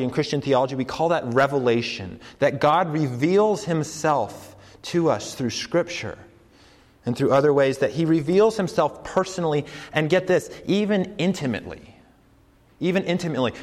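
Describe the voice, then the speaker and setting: A man preaching a sermon in a conversational, earnest way, slowing down to stress key points. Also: a little high. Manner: conversational, earnest, slows down for emphasis. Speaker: campus preacher. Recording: long hall reverb.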